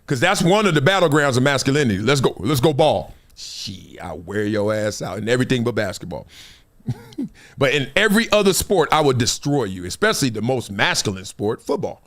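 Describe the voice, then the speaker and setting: A man in his fifties hosting a talk show, telling stories in a casual, animated way and acting out other people's lines. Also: medium pitch, brisk. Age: 50s. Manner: animated storytelling, acts out quoted voices, frequent laughs. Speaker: show host.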